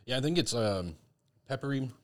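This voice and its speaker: A man's voice: medium pitch, animated, moderate pace. A man co-hosting a casual whiskey tasting, easygoing and thinking aloud as he talks. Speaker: podcast co-host.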